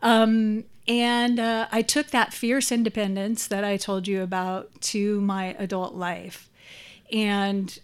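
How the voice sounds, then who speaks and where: Middle-aged woman, recovery meeting share, hesitant and candid, level monotone delivery. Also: medium pitch, takes it slowly, smooth. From San Francisco Bay Area. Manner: hesitant, frequent ums, candid and reflective. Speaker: support group speaker. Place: meeting room.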